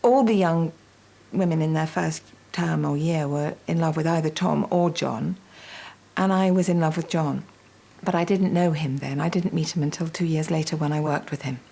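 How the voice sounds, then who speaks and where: An older actress reminiscing about a colleague in an interview, enthusiastic and searching for words. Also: female voice, low voice, moderate pace, creaky, warm tone.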